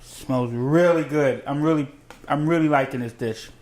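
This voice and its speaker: A man hosting a casual home cooking show, talking fast and rambling with lots of restarts. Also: fairly high pitch, a little mellow. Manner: fast, rambling, self-correcting.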